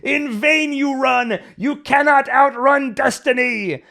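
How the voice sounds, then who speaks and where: A man's voice: very high voice, takes it slowly, creaky, pushed and bright, voice pushed up, exaggerated voice. A man voicing a manic, cackling old male vampire hunter, theatrical and gleefully mocking. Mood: manic glee.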